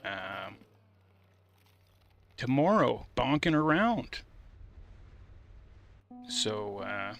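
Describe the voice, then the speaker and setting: A male livestream host telling a story casually on his stream, animated and laughing as he acts out quotes. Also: mid-range voice, very slow, pauses often, no room sound. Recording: steady background noise.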